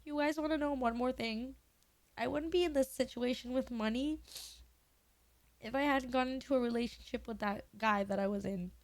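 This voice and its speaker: A woman's voice: sits high, normal speed, dry recording. Candid young woman streamer, dry sound. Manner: emotional, candid, swears casually. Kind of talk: casual chat to live stream viewers.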